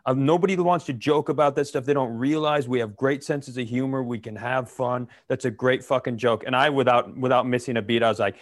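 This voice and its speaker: A man's voice: mid-range voice, fairly quick, hardly any pauses, dry recording. Dry-miked man telling a story. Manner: animated storyteller, swears freely. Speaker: comedian podcast co-host. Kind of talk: casual storytelling chat.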